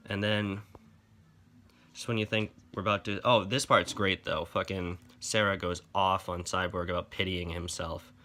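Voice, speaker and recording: A man's voice: low voice, level tone, moderate pace, sharp tone. A man giving a casual, profane comic book review, exasperated and sarcastic as he rants.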